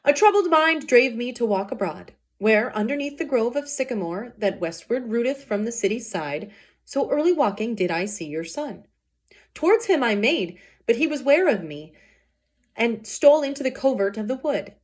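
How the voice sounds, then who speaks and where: A woman reading an honest young man's account of a fight in an earnest, measured way. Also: a little high, sing-song. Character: honest young male nephew, calm reporter.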